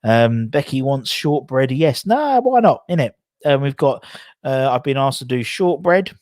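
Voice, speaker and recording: A man's voice: medium pitch, unhurried, a little mellow, dry recording, studio quality. A man hosting a rambling, self-mocking casual chat from home, full of fillers and restarts. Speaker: host of a chat stream. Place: home room, in a swivel chair.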